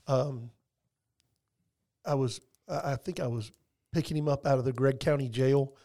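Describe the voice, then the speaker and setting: A man's voice: medium pitch, moderate pace, dark tone. A man, a guest talking earnestly in a casual conversation, heartfelt and rambling with many restarts and fillers.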